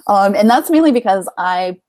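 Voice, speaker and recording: A woman's voice: medium pitch, lively intonation, moderate pace, a little mellow, no echo. A young American woman chatting casually on a podcast, a bubbly storyteller who laughs often. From United States. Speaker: podcast guest. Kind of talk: casual chat.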